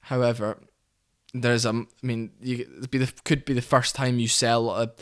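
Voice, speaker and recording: A man's voice: medium pitch, level tone, moderate pace, a bit bright. A man hosting an MMA commentary channel, giving casual opinions in a rambling way with frequent ums and self-corrections.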